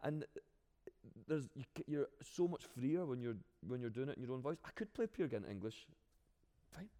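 A man with a Glaswegian accent, an actor answering interview questions in an animated way, often restarting his sentences. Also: mid-range voice, moderate pace, long reverb tail.

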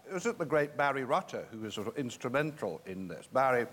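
A man's voice: medium pitch, expressive, fast talker, a bit bright. A man hosting a stage interview, polite and genial, turning to address the audience. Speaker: host. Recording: long hall reverb.

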